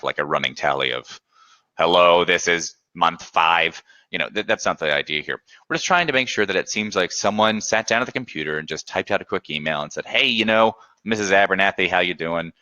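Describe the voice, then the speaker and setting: Deep, bright-voiced man on a webinar. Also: no room sound, highs cut off. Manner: conversational, acts out sample client emails. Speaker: webinar presenter. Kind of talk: webinar explanation.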